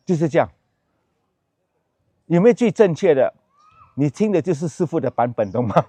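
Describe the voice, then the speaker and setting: A man, a Buddhist monk, teaching a dharma class, switching between English and Mandarin and slowly chanting mantra syllables. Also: fairly high pitch, darkish tone, dry recording.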